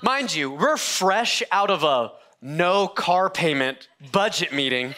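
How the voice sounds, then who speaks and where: A man's voice: sits high, animated, takes it slowly, hardly any pauses, pushed and bright. A man preaching a sermon as a pastor, talking in a loose, conversational way that stops and restarts and mixes in humor. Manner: conversational, self-interrupting storytelling with humor. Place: church sanctuary.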